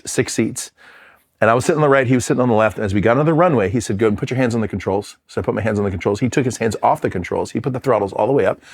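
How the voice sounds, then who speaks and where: Fast-talking man telling a candid story. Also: lowish voice. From Philadelphia, USA. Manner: candid, self-deprecating, uses fillers and restarts. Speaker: former Marine fighter pilot, guest. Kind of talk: storytelling interview.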